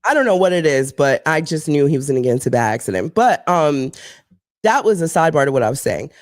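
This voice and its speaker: A woman's voice: low voice, fast talker, no echo. A woman co-hosting a live show chats in a rambling, candid way and swears without a second thought. Her voice swings widely up and down as she tells her stories. The recording is dry, with no room sound. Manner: animated storyteller who acts out voices. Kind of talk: casual live-show chat.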